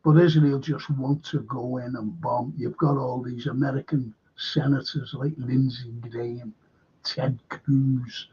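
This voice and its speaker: A man's voice: medium pitch, steady tone, a little slow, slightly rough. A man with a Liverpool accent hosting a casual livestream as a historian, chatting in a rambling way, swearing freely and reading out viewer comments. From Liverpool, England. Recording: dull lo-fi stream audio.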